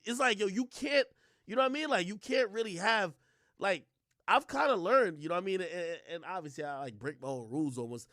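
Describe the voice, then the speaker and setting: A young man ranting profanely on a livestream, talking fast and loose and slipping into mocking voices. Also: high voice, animated, a bit bright, dry recording, clean studio sound. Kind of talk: heated livestream rant.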